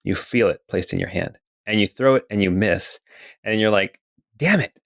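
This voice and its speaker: A man narrating as dungeon master in a calm, methodical way, filling pauses with "okay" and "um.". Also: on the low side, vocal fry, no room sound, studio quality. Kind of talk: narrating a tabletop game.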